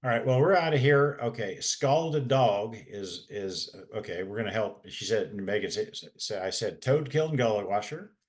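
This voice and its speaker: A man's voice: lowish voice, expressive, normal speed, few pauses. A man, a special education advocate, talking in a folksy, rambling way with many restarts. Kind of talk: casual webinar talk.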